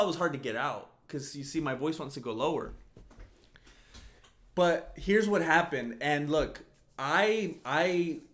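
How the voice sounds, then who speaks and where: A man's voice: a little high, expressive, measured pace, fairly bright tone. A man hosting a casual solo podcast, rambling and often laughing as he restarts his sentences. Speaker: podcast host.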